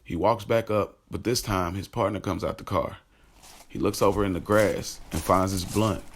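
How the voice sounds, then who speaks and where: A man's voice: low-pitched, normal speed. A man narrating his own story in the first person, in a casual, streetwise and profane way. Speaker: narrator and creator.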